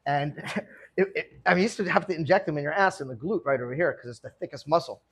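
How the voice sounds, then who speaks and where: A middle-aged man telling stories from his own past in a casual, animated way, often laughing as he talks. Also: a little high, fast talker, breathy edge. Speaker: guest speaker telling his life story. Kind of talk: casual storytelling talk.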